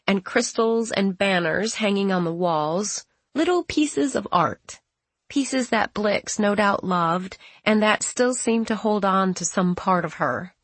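A woman's voice: mid-range voice, slow pace, no echo. A woman narrating a first-person audiobook in a plain, conversational storytelling manner, close to the mic.

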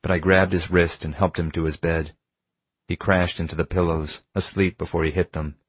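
Deep, husky male audiobook narrator. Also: little pitch movement, dry recording. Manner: measured, intimate first-person reading. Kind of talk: first-person audiobook narration.

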